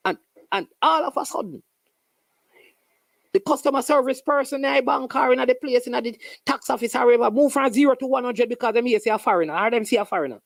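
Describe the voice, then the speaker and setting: A host with a Jamaican accent giving an animated, sarcastic casual commentary monologue with local phrases. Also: high-pitched, brisk, creaky, long pauses, dry recording.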